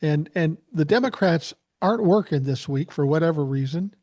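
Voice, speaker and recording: An older man hosting a political podcast, talking in a measured, steady way. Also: on the high side, no echo. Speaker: podcast host. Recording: dull dry lo-fi sound.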